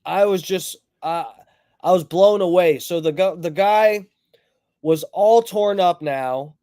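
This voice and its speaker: A man hosting a livestream, telling a story in a rambling, profane, animated way and greeting viewers in chat as he goes. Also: high voice, slow, dry recording, clean studio sound. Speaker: livestream host.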